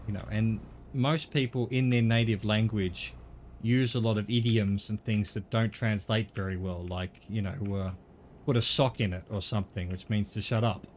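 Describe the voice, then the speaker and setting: A man's voice: lowish voice, steady tone, normal speed, darkish tone, a little hiss or hum. A middle-aged man with an Australian accent chatting casually on a gaming stream, rambling and swearing now and then.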